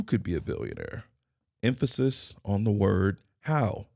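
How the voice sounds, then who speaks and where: A man's voice: mid-range voice, big pitch swings, normal speed, gravelly, warm tone, no room sound, clean studio sound. A middle-aged man hosting his own podcast, delivering a scripted motivational monologue in emphatic, repeated declarations. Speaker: podcast host and consultant.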